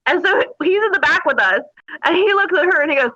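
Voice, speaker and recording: A high, bright woman tells her stories with lots of laughter, her pitch swooping freely. The audio is dull and lo-fi. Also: fast talker. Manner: animated, laughing, mimics people in her stories. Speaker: guest. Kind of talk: casual storytelling.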